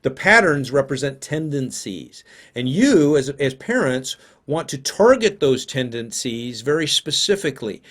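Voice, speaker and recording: A man's voice: medium pitch, big pitch swings, a little slow, a bit bright. A man teaching parents in a live seminar, talking conversationally and thinking aloud with occasional fillers.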